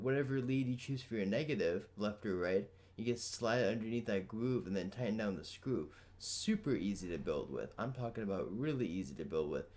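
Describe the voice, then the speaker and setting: Young man, hoarse, raspy, sore throat, lowish voice, casual rambling review vlog. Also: a little mellow. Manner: casual, loose and rambling with fillers. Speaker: product reviewer.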